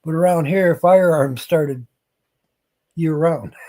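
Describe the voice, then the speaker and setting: Slow-talking man chatting on a live stream. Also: fairly high pitch, warm tone. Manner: slow, rambling, chuckles between lines. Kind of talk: casual live-stream chat with viewers.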